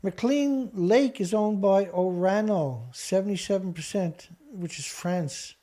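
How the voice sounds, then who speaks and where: Angry host, mellow dark tone. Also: medium pitch, lively intonation, slow pace. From Canada. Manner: angry, sarcastic, insulting, talks back at the headlines. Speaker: online show host. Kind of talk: reading news items and ranting about them.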